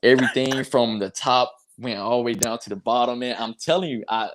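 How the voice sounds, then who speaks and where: A man's voice: mid-range voice, brisk, fairly bright tone. A young man from North Carolina, a basketball player telling a story in a casual interview, acting out quotes and laughing.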